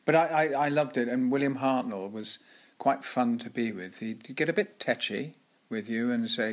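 An older former actor, interviewed as a guest, tells chatty anecdotes punctuated by laughter and frequent restarts. He speaks in a mid-range voice at normal speed.

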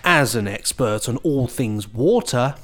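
A man's voice: medium pitch, expressive, measured pace. A man co-hosting a podcast, joking playfully in casual chat, often restarting his sentences. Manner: playful, jokey, hesitant restarts. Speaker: podcast co-host.

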